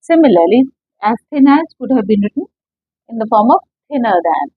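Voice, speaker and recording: A woman's voice: a little high, big pitch swings, brisk, husky, no room sound, phone-quality sound. A woman teaching an English grammar lesson, explaining patiently step by step and asking her students questions.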